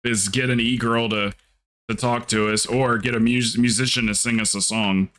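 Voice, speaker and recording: A man's voice: medium pitch, steady tone, normal speed, fairly bright tone. A young man livestreaming, chatting casually and rambling through a story while acting out the people in it. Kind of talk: casual stream chat.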